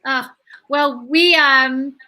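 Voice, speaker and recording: A woman's voice: high voice, fairly even intonation, extremely slow, pushed and bright, rough recording. A woman explaining skincare products on a live beauty chat, in an explanatory way with many fillers. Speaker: skincare brand educator.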